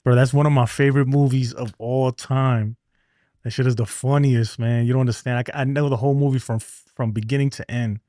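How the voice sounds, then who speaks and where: A man's voice: medium pitch, fairly even intonation, brisk, mellow, no room sound. Chill guy on a sports stream, talking to chat like buddies, dry close sound. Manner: laid-back and chatty, reads viewer comments aloud; addresses viewers as man and bro. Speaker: livestream host. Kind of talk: casual sports livestream chat.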